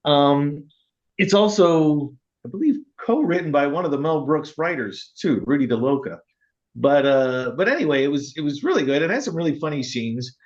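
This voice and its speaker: A man with a fairly high, very animated voice talks casually about films, rambling with plenty of fillers and laughing as he goes. The sound is dull and lo-fi. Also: moderate pace. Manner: rambling, laughs often, acts out quotes in a high voice. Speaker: podcast co-host. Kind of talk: casual film chat.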